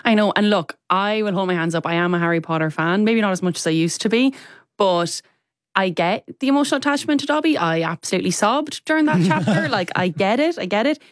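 A woman's voice: mid-range voice, expressive, fast, dry recording, studio quality. A woman co-hosting a podcast in casual chat, speaking with emphatic exasperation. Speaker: podcast co-host.

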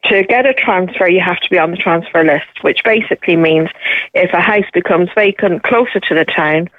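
A middle-aged woman talks through a tinny, dry phone line into a radio show. She is steady and matter-of-fact, stopping now and then with an um. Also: lowish voice, normal speed, dry recording. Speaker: caller.

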